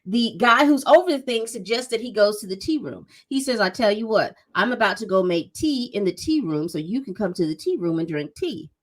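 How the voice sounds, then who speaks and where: A woman's voice: medium pitch, brisk, few pauses. A woman casually recapping a TV episode, acting out the characters' lines as she tells it. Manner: animated storytelling, acts out quotes. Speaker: TV recap vlogger.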